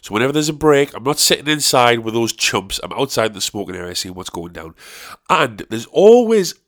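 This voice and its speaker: Brisk and sing-song, a man from North East England hosts his own podcast in a medium-pitched, fairly bright voice. It's a sweary, rambling show where he meanders off on tangents at will.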